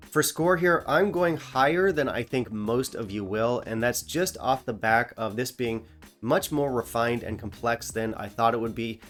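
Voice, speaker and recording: A man's voice: mid-range voice, fairly bright tone. A man talking through a whisky tasting review in a chatty, opinionated way, with joking asides. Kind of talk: casual review vlog.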